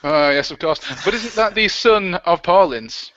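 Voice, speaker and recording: Man, livestream co-host, bright fairly high voice, jokey chatter, dull lo-fi audio. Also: animated, moderate pace, no room sound. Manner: jokey, chatty, reads out comments. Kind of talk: casual chat.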